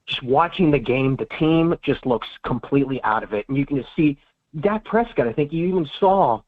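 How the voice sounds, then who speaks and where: A man with a slightly high voice rants heatedly and swears often while co-hosting a sports talk show. His voice comes through thin and tinny, like a phone call. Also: animated, a little fast. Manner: heated, profane ranting. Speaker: podcast co-host.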